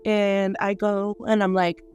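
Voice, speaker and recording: A woman's voice: mid-range voice, level tone, a little slow, a little mellow, soft background music. Young woman telling her story candidly. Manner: emotional, conversational, many "like" and "you know" fillers. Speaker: guest sharing her life story. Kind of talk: candid personal testimony.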